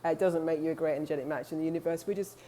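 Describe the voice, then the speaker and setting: Earnest chatty woman coach, mellow voice. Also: low voice, fairly even intonation, racing, slight background noise. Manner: earnest, chatty, with restarts and asides. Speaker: spiritual coach. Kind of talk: casual talk to camera.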